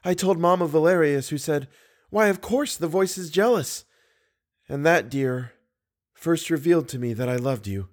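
A man reading the part of a devoted, fearful young woman singer in a measured, earnest audiobook reading. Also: fairly high pitch, lightly acted.

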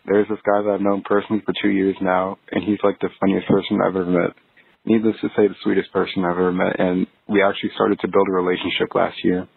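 Low, gravelly voicemail caller on a phone line. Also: male voice, quick pace. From Texas. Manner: earnest, steady telling of a personal story. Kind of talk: phoned-in voicemail asking advice.

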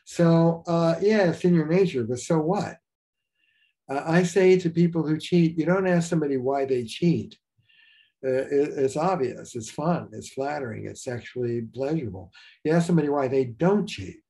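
A man's voice: fairly high pitch, normal speed, dark tone. An older man, a marriage therapist, talking frankly in a casual interview, telling stories with many fillers and restarts.

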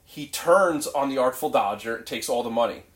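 A man co-hosting a casual podcast chat, quick to agree and enthusiastic. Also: mid-range voice, lively intonation. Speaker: podcast co-host. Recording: roomy echo.

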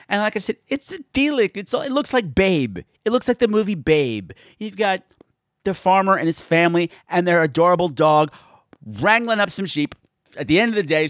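Male host, comedic recap, bouncy high delivery, dry close sound. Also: a bit bright, no room sound. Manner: campy, playful, full of innuendo and asides. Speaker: podcast host.

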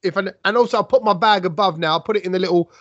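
A man's voice: high voice, very fast, fairly bright tone, no echo. A man, co-hosting a casual chat, telling stories and acting out his own lines with big jumps in emphasis. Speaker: podcast co-host. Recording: dull lo-fi sound, dry.

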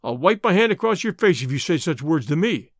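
A domineering gang boss fires off hard, probing questions and blusters with menace, voiced by a male audiobook narrator. The voice sits higher than usual and swings widely in pitch, and the sound is dry and close. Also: very animated, a little fast, gravelly, dry recording, heavily acted. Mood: blustering. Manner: blustering, interrogating. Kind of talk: audiobook character reading.

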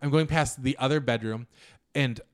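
Animated man telling a wild story. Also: mid-range voice, a little fast. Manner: animated, acts out quotes, many filler "like"s. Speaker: podcast co-host telling a story. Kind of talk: casual storytelling chat.

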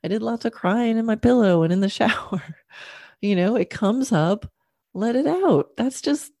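A woman's voice: lowish voice, warm tone, no echo, studio quality. A middle-aged woman telling a personal story in an earnest, reflective way, often checking in with "right?" and "you know". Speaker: horse owner sharing a personal story. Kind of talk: casual storytelling monologue.

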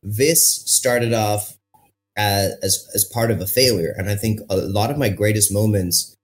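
A man as an interview guest, talking reflectively in measured, repeated phrases. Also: fairly low pitch, fairly even intonation, soft background music. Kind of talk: reflective conversation.

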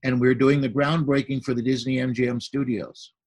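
A man's voice: medium pitch, little pitch movement, fairly quick, darkish tone, rough recording. An older man, a podcast guest, telling a long story in easy conversation and acting out the people he quotes.

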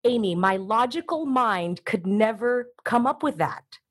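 A woman talking as an interview guest, energetic and coaching, often slipping into little acted-out voices. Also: fairly high pitch, measured pace, husky. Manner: energetic, acts out voices in quotes. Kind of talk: animated interview talk.

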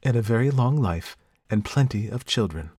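A man's voice: mid-range voice, animated, normal speed, darkish tone, slightly rough, no echo, studio quality. A man doing a bitter, jealous elder sister. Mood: cold.

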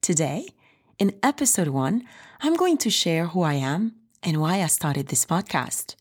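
Host: upbeat woman, slight French accent, a bit low-pitched, encouraging faith podcast talk. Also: sing-song, measured pace, husky. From France.

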